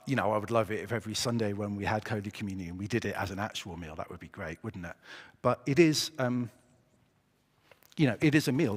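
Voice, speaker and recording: A man preaching a sermon in a church, chatty and relaxed with hesitations and a joking touch. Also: fairly low pitch. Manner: conversational, hesitant with fillers, joking. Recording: echoey church hall.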